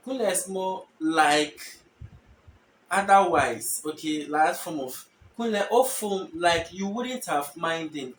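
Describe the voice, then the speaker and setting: A man teaching a language lesson, explaining patiently and repeating example phrases slowly with stressed tones. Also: fairly high pitch, animated, echoey room, recorded from a distance, slight background noise, poor audio.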